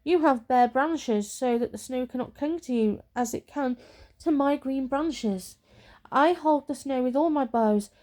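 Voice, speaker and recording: A woman voicing a proud, boastful fir tree that turns grumbling and sorry, in a soft whispered role-play. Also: high-pitched, a little slow, voice pushed up. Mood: complaining. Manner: grumbling, self-pitying.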